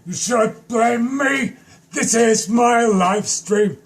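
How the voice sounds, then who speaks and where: A young man goofing around alone on a live stream, rambling slowly and breaking into sudden shouts. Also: very high voice. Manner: silly, rambling, slow and drawn out with sudden shouts. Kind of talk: goofy solo live stream.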